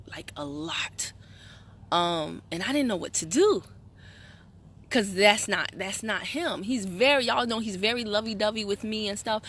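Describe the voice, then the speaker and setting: A woman's voice: mid-range voice, pushed and bright. A woman, probably in her thirties, chatting animatedly and laughing often as she talks to her followers in a casual livestream. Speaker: wellness products seller and team leader.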